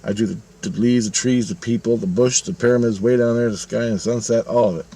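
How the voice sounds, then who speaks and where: A man's voice: mid-range voice, steady tone, fast talker, mellow. A man in his fifties telling a personal story in a casual, rambling monologue, swearing freely and retelling it animatedly. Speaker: vlogger.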